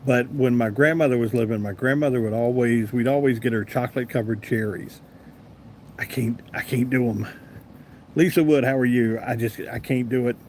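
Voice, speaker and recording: Here a Southern host chats casually on a live stream, answering commenters by name. His medium-pitched voice has a darkish tone, fairly even intonation, and normal speed, with a little hiss or hum.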